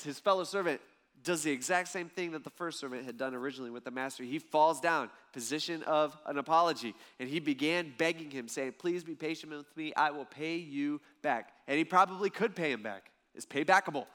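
A man with a high voice delivers a sermon in a conversational, animated style. He swings from loud, punchy lines to low, quiet asides, keeping the talk lively. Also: a little fast. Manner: animated, conversational preaching with dramatic swings in loudness. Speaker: pastor.

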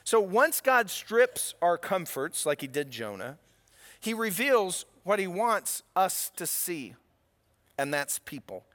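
A man preaching a sermon, emphatic, moving between quiet asides and raised, pointed questions. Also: sits high, sing-song, slow, long reverb tail. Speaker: pastor.

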